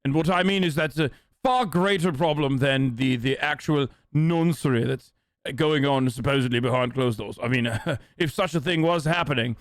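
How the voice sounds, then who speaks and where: A man's voice: medium pitch, no room sound, studio quality, close to an everyday voice. A man putting on a posh British accent to play a pompous, rambling politician who stalls with endless ums and uhs. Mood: mock-pompous. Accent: put-on posh British. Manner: halting, full of ums and uhs.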